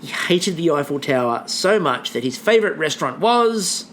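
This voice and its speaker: A man co-hosting a podcast, recapping in casual chat as a lively storyteller who swears and acts out quotes. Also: on the high side, moderate pace, slight background noise. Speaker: podcast co-host.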